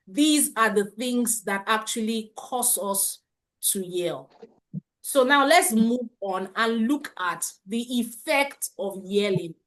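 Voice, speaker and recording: Slow-talking woman coaching parents live. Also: fairly high pitch, fairly bright tone. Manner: slow, repetitive, asks the chat to confirm. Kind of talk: live webinar teaching.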